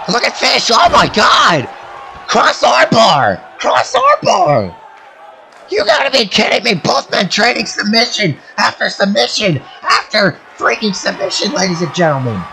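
A man doing excitable play-by-play commentary over a wrestling video game, often shouting at big moves. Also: high voice, a little hiss or hum, rough recording. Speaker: amateur commentator.

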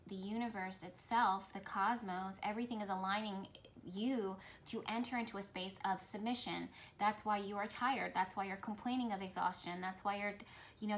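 A woman's voice: medium pitch, fairly bright tone, a little hiss or hum. A woman speaking directly to her viewers as a spiritual reader, talking in a flowing, repetitive, earnest way. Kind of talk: intuitive message talk to camera.

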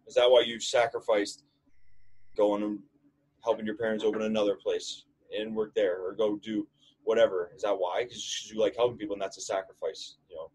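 Husky low-voiced man, fired up. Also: little pitch movement, fairly quick, darkish tone, poor audio. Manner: fired-up, emphatic motivational talk. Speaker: podcast co-host. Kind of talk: casual chat.

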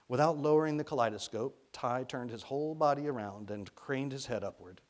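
A man from Arkansas reads his own children's novel aloud. His narration is lively and expressive and leans into the comic action. He sounds like an author at a public reading. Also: mid-range voice, a little fast, hardly any pauses.

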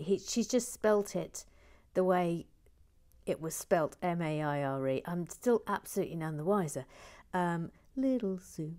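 Woman with a lowish voice, chatty and wry, mutters and whispers little asides while building. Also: lively intonation, normal speed, a little mellow. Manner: playful, wry. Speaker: host. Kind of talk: casual narration of a toy build.

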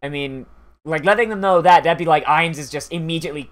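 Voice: medium pitch, a little fast, fairly bright tone, slight background noise. An anime reaction host rambling casually, with lots of swearing, restarts and fillers. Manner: frequent laughter.

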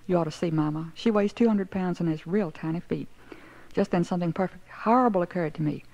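Woman narrator, wry storytelling; low, dark, gravelly voice. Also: a little fast. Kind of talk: story reading. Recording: dull lo-fi recording.

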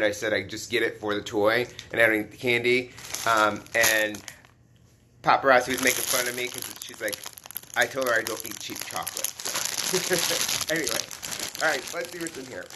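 A man chatting casually on a live stream as he unboxes collectible toys, excitable and chatty, greeting viewers by name. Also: mid-range voice, background noise.

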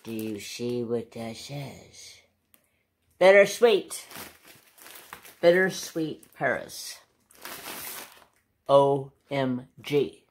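At home, a woman hosts a casual craft-channel unboxing vlog, gushing and exclaiming over and over and chatting to her dog between remarks. Her voice is extremely low, with lively intonation, drawn-out words and long pauses, over slight background noise.

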